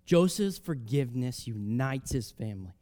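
A man preaching a sermon, reading scripture aloud and explaining it in a conversational way, swinging between loud emphatic rises and soft drops. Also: medium pitch, lively intonation, normal speed. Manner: reads scripture aloud, then explains it casually with fillers.

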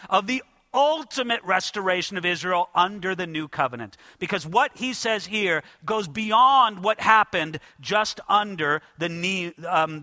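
Male pastor, high voice, dry close sound, emphatic sermon delivery with direct address. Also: pushed and bright, dry recording. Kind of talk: expository sermon.

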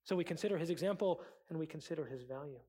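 Husky high-voiced male preacher. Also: very fast, mellow. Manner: earnest, acts out prayers and excuses in quoted voices. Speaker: pastor. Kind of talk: sermon.

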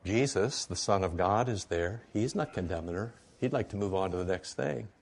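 Conversational male preacher, low voice. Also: moderate pace. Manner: conversational, asks congregation "right?". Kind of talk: sermon.

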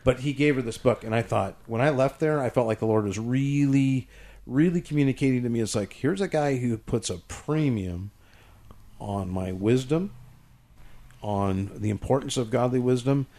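A man's voice: mid-range voice, normal speed, dark tone. Middle-aged man, jokey storyteller. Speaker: pastor and co-host. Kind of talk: casual chat.

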